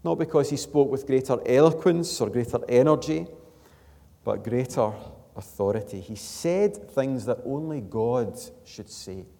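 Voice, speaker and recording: A man preaching a sermon as pastor, his voice slightly strained, earnest and building to emphatic peaks before dropping soft. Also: mid-range voice, expressive, unhurried, gravelly, long reverb tail. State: struggling voice. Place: church.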